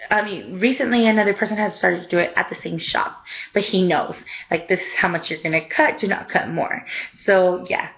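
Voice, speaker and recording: A woman's voice: medium pitch, lo-fi sound. A young woman casually telling a rambling story for her vlog, full of "like" and "um". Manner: chatty, rambling, lots of "like" and "um". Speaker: vlogger.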